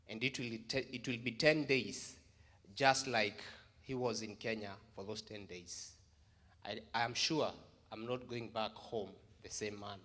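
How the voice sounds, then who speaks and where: Earnest bright-voiced man giving thanks. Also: on the low side, fairly even intonation. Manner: earnest, grateful, halting speech with restarts. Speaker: visiting guest from Kenya. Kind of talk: emotional farewell address to a congregation.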